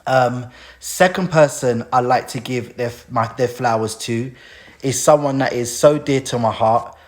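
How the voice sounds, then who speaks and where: A man's voice: medium pitch, a little slow. A man hosting a casual live stream, talking in a heartfelt and emotional way as he thanks people.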